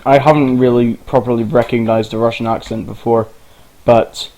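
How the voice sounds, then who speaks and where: A man talks through a game tutorial in a loose, rambling way. He wanders off track and swears now and then. His pitch sits in an ordinary middle range. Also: steady tone, moderate pace, dark tone, low-quality recording. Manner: rambling, informal, swears casually. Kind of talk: casual screen-recorded game tutorial.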